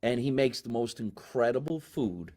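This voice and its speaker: A man hosting a live comedy show from a basement, a loud, hammy showman who swings between big excitement and asides. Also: mid-range voice, moderate pace. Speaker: podcast host.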